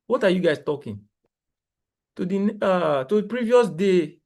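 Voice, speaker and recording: A young man, coaching traders live while sharing his screen, talking in an excitable, exclamatory, rambling way with lots of repeats. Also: high voice, a little slow. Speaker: trading coach. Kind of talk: live screen-share trading analysis.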